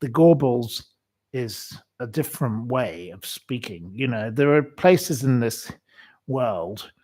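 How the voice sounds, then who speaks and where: A man hosting a casual solo livestream, reading out viewer greetings and giving rambling, opinionated views with lots of pauses and restarts. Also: mid-range voice, lively intonation, a little mellow, slightly rough.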